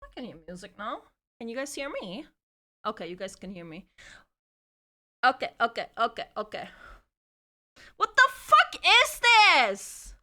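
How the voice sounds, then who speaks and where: A woman's voice: medium pitch, lively intonation, normal speed, pauses often, fairly bright tone. A woman live streamer chatting casually, flustered and swearing as she troubleshoots her setup.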